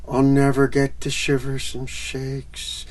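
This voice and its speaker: A man voicing a fearless, bored young man with a drawling, laid-back slacker delivery, a bit lower than his narration. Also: monotone, takes it slowly, darkish tone, lightly acted.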